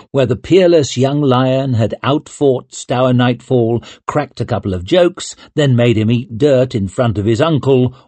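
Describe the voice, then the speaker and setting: A man narrating a fantasy audiobook in a measured, even reading. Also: medium pitch, breathy edge, no room sound. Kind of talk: scripted narration.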